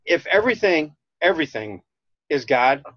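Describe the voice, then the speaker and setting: A man from Minnesota with a Minnesota accent, rambling in casual chat as a podcast host, halting and restarting often. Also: on the high side, big pitch swings, no echo. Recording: dull lo-fi dry sound.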